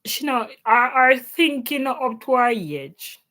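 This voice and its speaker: Her voice sits high, sharp and sing-song, and she speaks slowly: a Jamaican woman livestreaming a casual opinion chat from home in Canada. She peppers her English with patois and delivers it with heavy emphasis.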